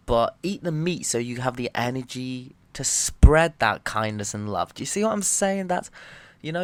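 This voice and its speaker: A man, a comedian and podcast host, delivering a loud, swearing, animated comedic rant. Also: mid-range voice, no echo. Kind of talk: ranting comedic monologue.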